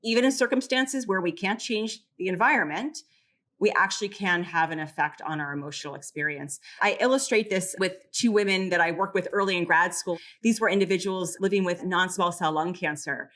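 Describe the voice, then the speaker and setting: A middle-aged woman psychologist explaining coping tools calmly and clearly in a podcast interview. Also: lowish voice. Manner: calm, measured, teacherly explanations. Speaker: psychologist and caregiver clinic founder.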